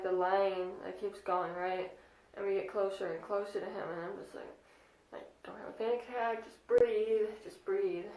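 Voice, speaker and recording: Young woman rambling through a storytime vlog, excitable, roomy echo. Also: medium pitch. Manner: chatty, excitable, lots of fillers. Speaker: vlogger. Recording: echoey room.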